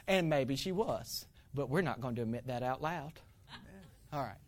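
A male pastor delivering a sermon, weaving in humorous family stories. He laughs readily and acts out the scenes with lively, animated energy. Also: medium pitch, measured pace. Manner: animated, playful storytelling with laughter.

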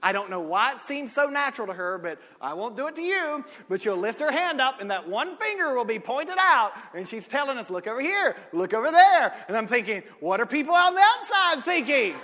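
A man, preaching a sermon with folksy stories, swinging from shouted peaks to low asides. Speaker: pastor. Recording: echoey hall.

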